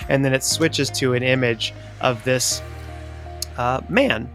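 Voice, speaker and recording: A man running a tabletop game as game master, describing scenes haltingly with many fillers. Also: mid-range voice, fairly bright tone, faint music behind.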